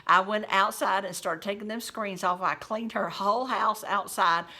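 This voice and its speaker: Speaking at a normal speed in a steady, medium-pitched voice that sounds pushed and bright, this home caregiver shares memories through casual, faith-based storytelling. She's chatty and folksy, quotes scripture, and talks straight to her listeners.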